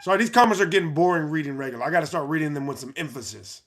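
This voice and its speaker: Streamer guy, high voice, jokey, chatty, reads chat with faint music behind. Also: lively intonation, fairly bright tone. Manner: playful, breaks into laughter, quick asides to chat. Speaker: livestream host. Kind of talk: casual live-stream chat reading.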